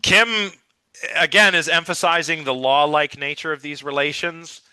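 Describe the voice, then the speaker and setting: A man's voice: fairly high pitch, steady tone, moderate pace, pushed and bright, clean tone, dry recording. A man lecturing a live philosophy class with eager, rambling enthusiasm, his voice a little scratchy. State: slightly scratchy voice.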